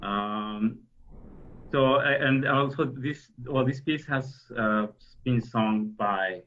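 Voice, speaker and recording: A man's voice: mid-range voice, takes it slowly, a bit bright, a little hiss or hum. A man, a musician guest talking hesitantly in an interview, full of fillers and restarts. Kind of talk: explaining interview talk. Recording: dull lo-fi audio.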